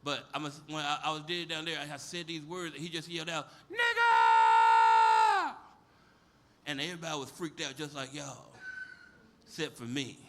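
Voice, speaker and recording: Brash, high-voiced stand-up comic man. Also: fairly even intonation, fairly quick, very noisy. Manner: profane, brash, storytelling. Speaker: stand-up comedian. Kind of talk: stand-up comedy set. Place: comedy club stage before a live audience.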